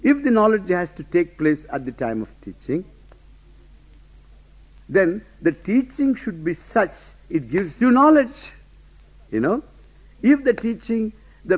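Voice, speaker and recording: A man teaching a lecture class, emphatic, often asking rhetorical questions and laughing to himself. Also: high voice. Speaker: Vedanta teacher. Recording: dull lo-fi lecture recording.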